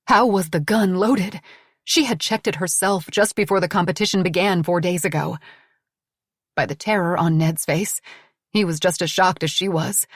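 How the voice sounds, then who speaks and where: A woman narrating a suspense novel in a measured storytelling manner. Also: on the low side, no echo, studio quality. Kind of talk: audiobook narration.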